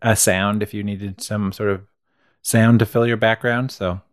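A man's voice: lowish voice, flat delivery, a little slow, clean tone, dry recording, clean studio sound. Laid-back rambling male podcaster. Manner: laid-back, rambling, chuckles at his own jokes. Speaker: podcast co-host. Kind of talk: casual film review chat.

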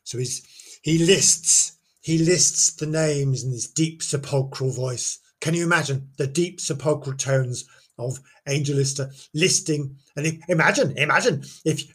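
A man's voice: on the high side, unhurried, fairly bright tone, husky. A man telling a local ghost legend in a chatty, playful way, full of theatrical asides and exclamations. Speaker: folklore storyteller. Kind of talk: casual folklore storytelling.

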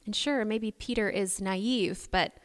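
A woman preacher giving a sermon, telling the story in an animated, playful way. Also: mid-range voice, slow pace. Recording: long hall reverb.

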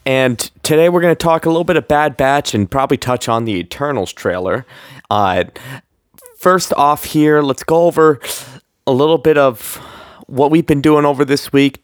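A man's voice: mid-range voice, animated, a little slow, no room sound, studio quality. A young man co-hosting a podcast in casual, joking chat, laughing often. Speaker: podcast co-host.

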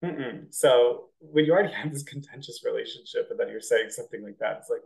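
A man's voice: medium pitch, brisk, creaky, few pauses, a little mellow, rough recording. A young man co-hosting a podcast, chatting casually and explaining with jokey everyday comparisons. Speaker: podcast co-host. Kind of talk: casual chat.

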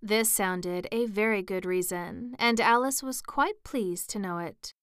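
A woman narrating a storybook in a measured, clear way. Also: medium pitch, a bit bright, dry recording, clean studio sound. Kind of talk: audiobook narration.

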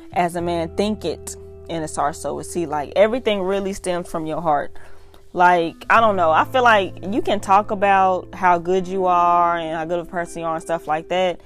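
Earnest woman talking faith, y'all. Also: on the low side. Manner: earnest, emphatic, repeats "y'all". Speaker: faith vlogger reading devotional. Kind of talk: casual devotional talk with scripture reading.

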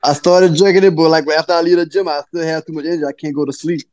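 A man co-hosting a podcast, chatting in a relaxed, casual way. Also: a little high, racing.

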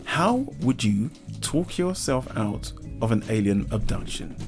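A man co-hosting a comedy podcast, bantering playfully and acting put upon. His pitch swings widely, with light music faintly under the talk. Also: very animated, unhurried. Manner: playful, mock-indignant, theatrical. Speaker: podcast co-host. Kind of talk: casual comedy chat.

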